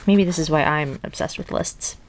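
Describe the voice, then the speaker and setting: Young woman reading a kids book out loud, gravelly voice, chatty little comments. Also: low voice, normal speed, noisy background. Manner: casual, chatty asides between passages. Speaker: reader of children's books. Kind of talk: reading a storybook aloud with asides. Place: her mother's house.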